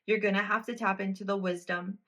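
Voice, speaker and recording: A tarot reader doing a pick-a-card video speaks straight to the viewer, blunt and emphatic, swearing freely. Her voice is medium-pitched and a little bright, with a steady tone and a fairly quick pace.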